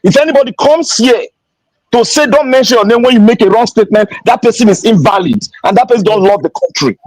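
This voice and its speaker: A man's voice: very high-pitched, fast, darkish tone, no echo, low-quality recording. A Nigerian man with a Pidgin-tinged accent who interrupts and hammers his points in a heated live-stream debate. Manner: interrupting, emphatic, keeps repeating phrases. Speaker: discussion participant.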